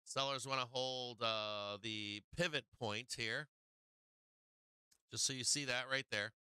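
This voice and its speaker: Man, trading livestream host, casual and swearing, very bright tone, dry close mic. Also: medium pitch, takes it slowly, clear, resonant tone, no room sound. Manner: excitable, swears freely, talks to chat. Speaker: stock market livestream host. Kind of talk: casual live trading commentary.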